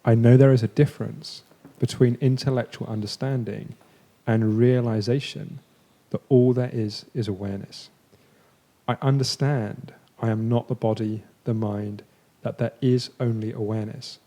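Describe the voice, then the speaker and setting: A man's voice: mid-range voice, steady tone, normal speed, mellow. A man from the audience earnestly reading out a question to a teacher. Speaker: audience member asking a question.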